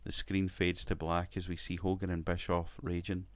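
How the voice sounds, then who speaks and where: A man's voice: deep voice, little pitch movement, normal speed, dry recording. A man casually commenting on his wrestling management game, rambling, swearing and laughing now and then. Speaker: gaming video creator.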